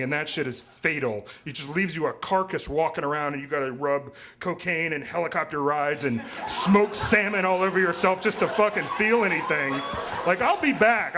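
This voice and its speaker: A man tells a personal story live on stage with wry, profane, self-mocking humor. His voice sits a little high for a man. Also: a bit bright.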